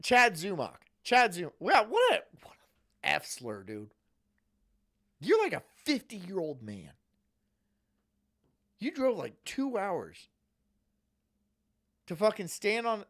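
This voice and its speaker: A man's voice: high-pitched, wildly swooping pitch, slow, long pauses, fairly bright tone. A man streaming, chatting casually in profane, rambling rants. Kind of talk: casual chat.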